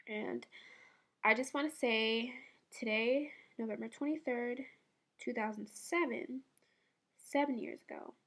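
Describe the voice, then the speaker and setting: A tearful woman in her twenties from the San Francisco Bay Area, speaking softly and haltingly in a personal memorial video. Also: a little high. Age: 20s. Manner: soft, halting and emotional. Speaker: vlogger.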